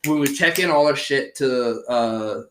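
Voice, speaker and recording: A male podcast host telling a story in a casual chat, animated and rambling, with lots of fillers and swearing. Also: medium pitch, a little slow, slight background noise. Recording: echoey room.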